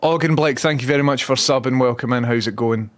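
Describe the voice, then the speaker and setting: A man's voice: mid-range voice, fast. Sweary Scottish man chatting on stream. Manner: chatty, swears freely, self-mocking. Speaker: livestream host. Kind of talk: casual livestream chat.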